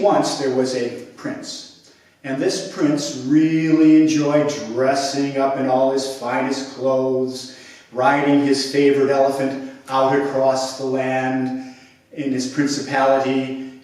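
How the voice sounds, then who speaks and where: A man telling a children's story with playful, expressive narration and sound effects. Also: mid-range voice. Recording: echoey room, mic at a distance.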